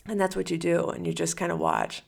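A woman's voice: on the low side, very animated, brisk, gravelly. A woman hosting a solo podcast as a coach, talking casually and animatedly, acting out the listener's inner voice.

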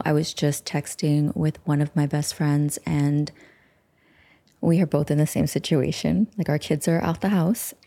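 A woman in her forties from the United States, hosting her own show in a chatty, rambling way and slipping into soft whispered asides. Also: low voice. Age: 40s. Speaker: podcast host. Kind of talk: casual solo talk.

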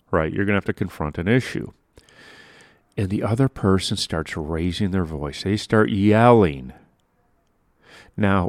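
A man's voice: on the low side, no room sound, studio quality. A man hosting a podcast, talking through advice in a loose, conversational way, with frequent restarts and tag questions. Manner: conversational, repeats words and restarts, asks "right?" often. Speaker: podcast host. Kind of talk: casual advice talk.

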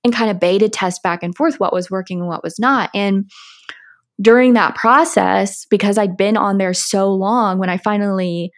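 A young American woman talks as a podcast guest in a relaxed, conversational way. She laughs easily and fills her sentences with "like" as she explains things. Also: mid-range voice, normal speed. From United States. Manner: chatty, laughs often, lots of "like" fillers. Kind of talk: casual interview conversation.

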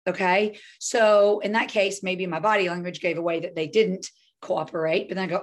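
A woman parenting coach talking through a group coaching session, lively and often acting out scenarios. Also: lowish voice, normal speed. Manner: lively, acts out scenarios with voices.

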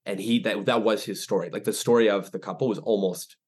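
A young man, a ministry director, telling stories as a podcast guest, animated and full of restarts. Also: fairly low pitch, a little fast, husky. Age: young adult. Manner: animated storyteller, many restarts and fillers. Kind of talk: casual interview chat.

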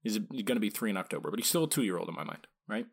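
A man with a somewhat low voice talks casually into a podcast mic about training dogs. He keeps tossing rhetorical questions at his listeners and slips in quick acted-out quotes. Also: very animated, gravelly, slightly rough. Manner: conversational, asks rhetorical questions, acts out quick quoted lines. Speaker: podcast host and dog trainer.

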